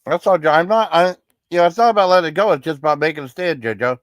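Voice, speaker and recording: A man's voice: fairly high pitch, fast, no room sound. Dry, rambling male livestream host. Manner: rambling, apologetic, reassuring, full of restarts. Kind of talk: casual livestream chat with viewers.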